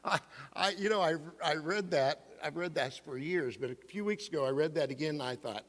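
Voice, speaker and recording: Man, middle-aged pastor, playful sermon, fairly high voice, long church reverb. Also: lively intonation, a little fast, fairly bright tone. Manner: playful, asks the congregation questions. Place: church sanctuary.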